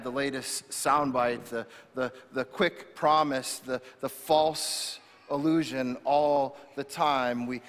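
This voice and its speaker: In a church sanctuary, a male pastor preaches an impassioned sermon, frequently restarting with repeated words. His voice is mid-range and a bit bright, and the recording carries the reverb of the church hall.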